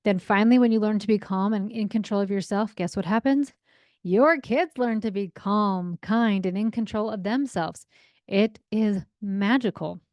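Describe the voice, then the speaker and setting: Chatty mom-coach in her 40s doing her podcast, mid-pitched, dry close sound, acts out little voices in her stories. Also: normal speed, a little mellow, no echo. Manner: chatty, upbeat, often asks "right?"; acts out quoted voices in anecdotes. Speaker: parenting coach. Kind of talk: solo podcast talk.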